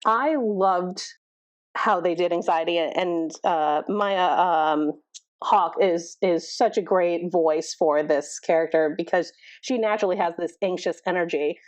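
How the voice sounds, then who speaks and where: A woman's voice: on the low side, a little slow, darkish tone, dry recording. A middle-aged woman therapist, a podcast guest, explaining thoughtfully with many fillers. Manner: thoughtful, explaining with many likes and you knows. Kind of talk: conversational podcast interview. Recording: dull, dry podcast audio.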